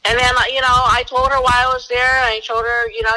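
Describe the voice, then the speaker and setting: A woman guest telling an animated story in conversation, acting out the people she quotes with sudden jumps in pitch. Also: moderate pace, few pauses, low-quality recording. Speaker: guest, former bounty hunter.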